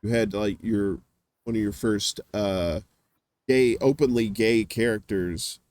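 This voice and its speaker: A man hosting a casual live-stream chat, telling rambling stories full of filler words and dropping into quick voice impressions. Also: fairly low pitch, darkish tone. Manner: does quick voice impressions of others. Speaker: host.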